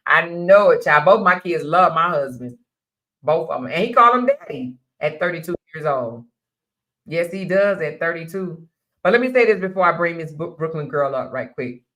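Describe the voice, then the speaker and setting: Speaking at a moderate clip, this older female live show host has a deep voice with a touch of brightness. Her casual stream talk carries a Southern manner, preachy and frank, punctuated by frequent laughter.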